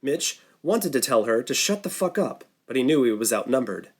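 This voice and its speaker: A man reading an audiobook thriller in steady scripted narration. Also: medium pitch, normal speed.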